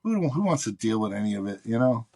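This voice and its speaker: A man's voice: lowish voice, very animated, quick pace, gravelly, warm tone. A man, a guest on a podcast, telling a story in casual chat, acting out the callers and swearing freely. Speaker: guest, venue box office manager.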